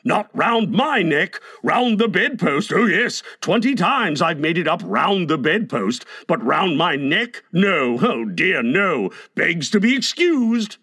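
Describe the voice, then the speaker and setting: A pompous father blusters and grumbles with sarcasm , as a male reader voices him. His voice leaps and falls lively through his rants. It is close and dry, in a storybook reading. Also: high voice, normal speed, no room sound, pitched above the performer's own voice, full character voice. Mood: sarcastic. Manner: sarcastic, theatrical outbursts. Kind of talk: audiobook character voice.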